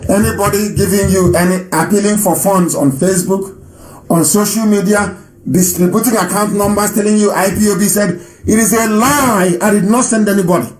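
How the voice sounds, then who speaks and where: A man's voice: high voice, steady tone, brisk, darkish tone. A man from Nigeria hosting a live radio broadcast and taking calls, speaking emphatically and repeating phrases for stress. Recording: roomy echo.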